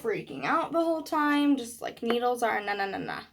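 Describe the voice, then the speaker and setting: A woman telling a personal story in a vlog, animated, acting out what people said. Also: a little high, moderate pace, background noise. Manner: animated storytelling with acted quotes. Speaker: vlogger.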